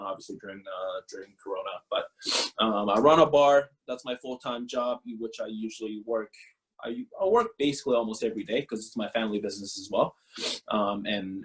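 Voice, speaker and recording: A man in his thirties, a former pro pitcher, talking bluntly and profanely in a casual interview, often laughing. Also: low-quality recording.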